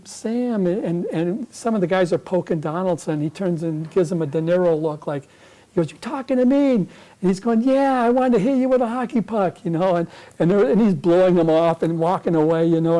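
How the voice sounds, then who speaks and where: An older man speaks to a club meeting with a mellow, soft-edged voice. He tells his story in a folksy, rambling way and keeps restarting on repeated words. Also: high-pitched, low-quality recording. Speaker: guest speaker. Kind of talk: anecdotal storytelling talk.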